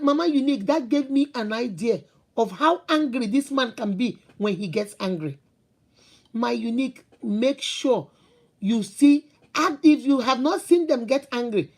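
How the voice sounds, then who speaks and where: A middle-aged woman who gives advice to her viewers in a lively, storytelling way. Her voice sits a little on the high side, and she presses her points with questions and repeats herself for emphasis. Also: unhurried, husky. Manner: animated storytelling, rhetorical questions, emphatic repetition. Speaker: host giving relationship advice. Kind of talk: casual advice talk to viewers.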